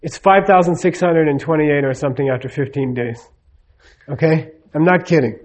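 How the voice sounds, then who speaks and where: A man's voice: fairly high pitch, normal speed. A man giving a live teaching talk. He speaks conversationally, checks in with the audience often, and acts out the dialogue in his stories. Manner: tells stories with acted-out dialogue. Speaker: spiritual teacher.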